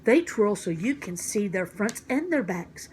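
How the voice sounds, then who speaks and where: A woman puts on a vain little storybook girl who draws her words out slowly. She preens and shows off, fussy and precious. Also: mid-range voice, big pitch swings, darkish tone, a little hiss or hum. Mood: showy. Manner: show-offy, drawn-out and precious. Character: prissy, showy little rich girl.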